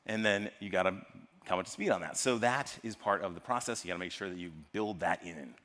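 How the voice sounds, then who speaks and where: An American man giving a lively, joking tech talk at a live conference and quizzing the audience. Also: sits low, a little fast. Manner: lively, jokey, polls the audience. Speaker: conference speaker. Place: large conference hall. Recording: long hall reverb from a live stage.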